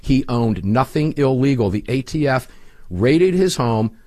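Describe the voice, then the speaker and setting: A man's voice: mid-range voice, lively intonation, unhurried, dark tone, dry recording, clean studio sound. A man who hosts his own program, telling stories with emphasis as a guest on a political talk show. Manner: emphatic, storytelling. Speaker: radio host. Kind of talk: political talk radio interview.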